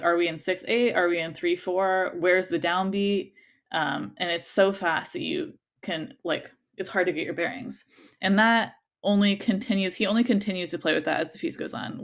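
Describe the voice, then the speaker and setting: A woman's voice: fairly low pitch, moderate pace. A young woman teaching a music interpretation class, chatting casually and singing rhythms on nonsense syllables between explanations. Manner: casual, sings rhythms on syllables, many fillers.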